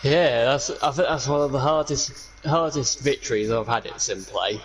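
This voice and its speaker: A man who has just won a race, out of breath and excitable, who repeats words as he talks. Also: mid-range voice, normal speed, rough recording. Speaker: winning racing driver interviewed.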